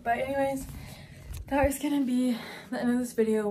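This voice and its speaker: A woman's voice: a little high, level tone, normal speed, dark tone, recorded from a distance, slight background noise. A young woman from Georgia, a little out of breath, chatting through a casual vlog update from her office. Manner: chatty, rambling with fillers. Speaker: vlogger. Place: office at work.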